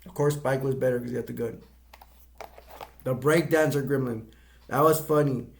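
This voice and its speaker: A middle-aged man talks through a movie review in a loose, rambling way, with a rough, gravelly edge to his voice. His pitch sits in an ordinary middle range. He stumbles, pauses on fillers and circles back to restart his thoughts as he goes. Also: fairly even intonation.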